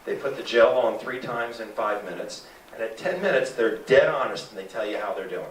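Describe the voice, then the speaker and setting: Man pitching to a crowd in an echoey room. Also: fairly quick, distant mic, a little hiss or hum. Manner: animated, salesy, asks the crowd questions. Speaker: presenter at a sales talk. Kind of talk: live presentation to an audience. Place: meeting room with an audience.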